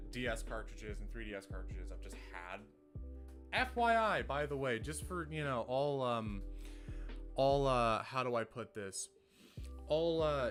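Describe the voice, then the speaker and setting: Young male streamer, casual profane rant, music underneath. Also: medium pitch. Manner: ranting, profane, rambling. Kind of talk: casual livestream chat. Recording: music playing behind.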